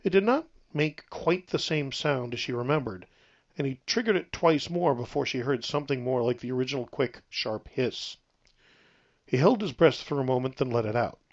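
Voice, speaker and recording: Male author-narrator, steady storybook read, gravelly tone, muffled recording. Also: mid-range voice, moderate pace. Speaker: author reading his own novel.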